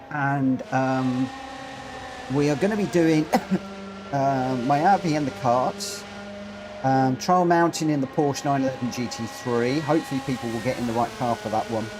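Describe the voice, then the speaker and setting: Here a medium-pitched man gives live commentary on a racing game stream, with noise in the background. Reading chat aloud, he chats along, leaning on fillers and sounding a little out of breath.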